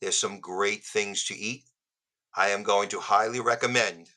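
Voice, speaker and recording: A man's voice: fairly low pitch, steady tone, measured pace, pushed and bright, rough recording. A man, a musician guest on a podcast, telling jokey stories in casual chat. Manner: joking storyteller.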